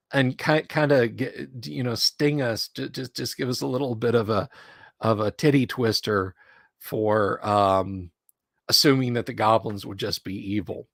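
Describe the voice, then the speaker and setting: Gravelly middle-aged man telling stories. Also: medium pitch, a bit bright, no room sound, studio quality. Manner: rambling anecdotal storyteller. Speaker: streamer. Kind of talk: casual chat.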